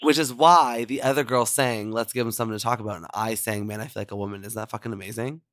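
A man hosting a podcast in a camp, animated way, swearing freely and chatting with callers. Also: lowish voice, fast talker, no room sound, clean studio sound. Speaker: podcast host. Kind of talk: casual chat.

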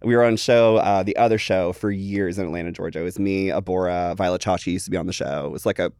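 A low-pitched young man chats casually as a podcast guest, telling stories full of swearing and voiced quotes. The sound is dry and close. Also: steady tone, fast talker, a little mellow, clean tone, no echo. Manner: chatty storyteller, swears freely, acts out quotes. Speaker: podcast guest, drag performer. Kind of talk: casual chat.

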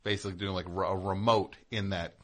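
A man with a fairly low voice hosts a radio show from the studio, riffing in a loose, rambling, jokey way. He talks like he is hanging out with a friend on air. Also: steady tone, quick pace. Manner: rambling, jokey, breaks into laughter and silly voices. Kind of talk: casual comedic radio chat.

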